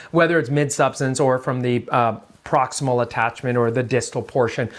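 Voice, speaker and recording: A man, an orthopedic doctor, talking through a sports injury in a casual, joking explainer style with lots of fillers and digressions. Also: mid-range voice. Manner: chatty and digressive, jokes around, many fillers. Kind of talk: casual medical explainer talk.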